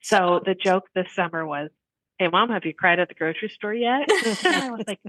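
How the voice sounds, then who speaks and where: A middle-aged woman co-hosting a casual podcast chat, telling lively stories and laughing often. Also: on the low side, moderate pace, dry recording, rough recording. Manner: animated storyteller, laughs often. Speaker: podcast co-host.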